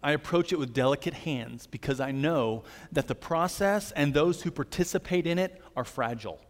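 A man delivering a sermon with an earnest, gentle manner, his voice sitting a little higher than most men's. The sound hangs in a long reverb, as in a large hall. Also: expressive, moderate pace. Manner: earnest, gentle storytelling preacher. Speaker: pastor.

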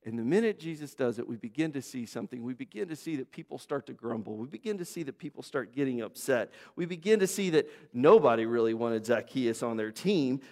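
A pastor preaches a sermon emphatically and repetitively, piling up phrases, throwing in conversational asides and asking the congregation rhetorical questions. His medium-pitched, darkish voice is animated and brisk with hardly any pauses, and a large hall's long reverb surrounds it.

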